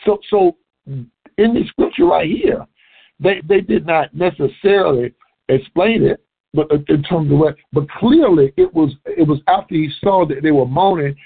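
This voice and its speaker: Husky-voiced male preacher, tinny sound. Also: on the high side, expressive, moderate pace. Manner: repeats words while building up, restarts often. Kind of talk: sermon.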